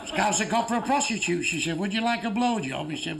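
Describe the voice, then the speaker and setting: A man's voice: high-pitched, expressive, brisk, gravelly, crowd noise. A man telling crude jokes as a stand-up comedian, swearing heavily and landing blunt punchlines.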